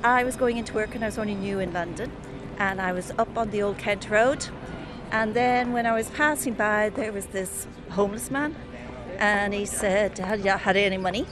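A woman with an Irish accent telling a personal story in a quick, conversational way. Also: mid-range voice.

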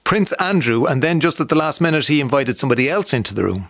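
A man's voice: mid-range voice, sing-song, fast, fairly bright tone. A man hosting a radio interview, asking questions in a conversational way with fillers. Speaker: radio host.

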